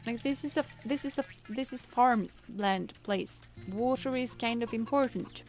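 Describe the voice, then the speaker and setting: A woman's voice: fairly high pitch, moderate pace, music in the background. A woman streamer giving casual let's-play commentary, thinking aloud in a playful way and chatting with her viewers. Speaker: VTuber streamer.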